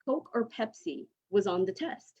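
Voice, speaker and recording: A stand-up comic from outside the United States performs a set over a video call, rambling, mocking herself, and laughing through her own lines. Her medium-pitched voice is expressive, mellow, and slightly rough, at a normal speed. The video call audio is dull and lo-fi.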